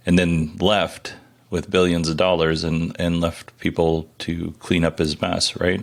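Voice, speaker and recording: A man hosting a podcast, asking questions in a casual, rambling, conversational way. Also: sits low. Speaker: podcast host.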